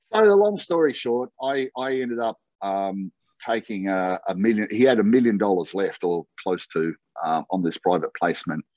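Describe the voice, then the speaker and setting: Low-voiced Australian man telling a story. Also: dry recording. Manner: animated anecdote-telling, acting out quoted dialogue. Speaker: interview guest. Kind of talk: conversational storytelling. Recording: dull, lo-fi and dry.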